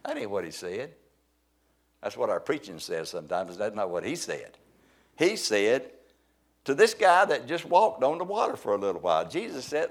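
Man, preacher, folksy sermon, lowish voice, loud then soft. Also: big pitch swings, normal speed. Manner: folksy, conversational, swings from loud emphasis to quiet asides.

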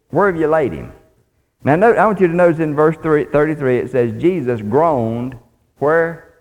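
A man's voice: on the high side, a little mellow. A man preaching a sermon in a folksy, plainspoken way, reading scripture aloud. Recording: long hall reverb.

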